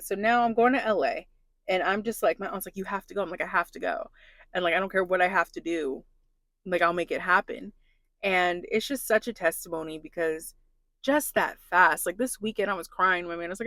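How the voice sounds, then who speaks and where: A woman's voice: mid-range voice, a little fast, a bit bright, no room sound. A young adult woman talking in a casual confessional vlog, earnest and emotional, saying "like" a lot. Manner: earnest, emotional, heavy use of "like". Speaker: plus-size influencer vlogger.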